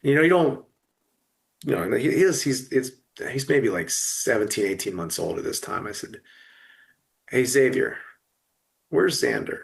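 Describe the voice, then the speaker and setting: Middle-aged guy on a podcast, halting, keeps restarting, talking through grief. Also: medium pitch, sing-song, creaky. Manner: halting, many restarts and fillers. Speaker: guest. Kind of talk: emotional podcast conversation.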